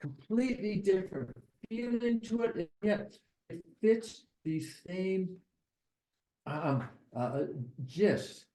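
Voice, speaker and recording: A man reading poems at an online poetry gathering, slowly and deliberately, with chatty asides between them. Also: high voice, lively intonation, dark tone, low-quality recording. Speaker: poetry reader at an open mic. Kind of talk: casual reading and commentary. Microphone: online video call.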